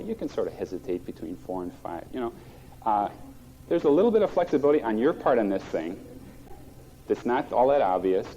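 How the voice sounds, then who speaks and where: A man's voice: lowish voice, dark tone. A middle-aged man preaching a sermon as a pastor, plainspoken and folksy, recorded on an old muffled cassette.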